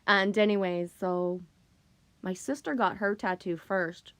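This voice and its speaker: A woman's voice: medium pitch, a little slow, a bit bright, dry recording. A woman, hosting a casual livestream, chatting with viewers and telling stories in a chatty way, swearing now and then. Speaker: livestream host reading chat.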